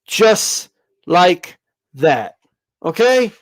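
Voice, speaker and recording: A man's voice: high voice, expressive, unhurried, no room sound. A man hosting a boxing livestream, ranting in a brash, profane, emphatic way and repeating himself for effect. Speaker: boxing channel host. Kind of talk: livestream rant.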